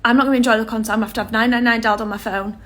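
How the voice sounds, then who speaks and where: Woman, vlog clip, earnest and pleading, near tears, slightly high voice. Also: steady tone, very fast, fairly bright tone. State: close to tears. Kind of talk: emotional vlog to camera.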